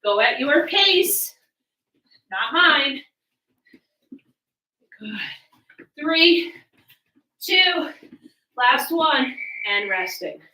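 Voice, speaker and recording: Breathless high-voiced woman fitness coach. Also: sing-song, drawn-out words, long pauses, bright, forceful tone, echoey room, distant mic, rough recording. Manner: counting reps and cueing moves while exercising. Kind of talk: coaching a live home workout. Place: small hot room at home.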